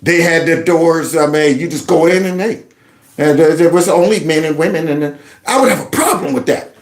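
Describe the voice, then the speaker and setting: A man hosting a political commentary channel, reacting to clips in an animated, mocking way. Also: fairly high pitch, a little fast, reverberant. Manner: animated, mocking, mimics others in exaggerated voices.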